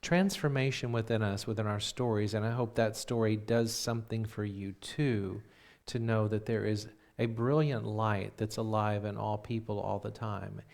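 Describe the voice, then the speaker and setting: A man who is a minister, telling a personal story in a sermon and acting out the dialogue with lively voices. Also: on the low side, moderate pace, creaky. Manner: turns quiet and reflective when preaching.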